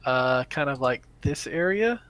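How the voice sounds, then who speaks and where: A man playing a tabletop game who thinks out loud while working out his spells and moves. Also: mid-range voice, expressive, measured pace, clean tone. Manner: thinks aloud, counting out spell ranges. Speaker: player. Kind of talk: casual tabletop play.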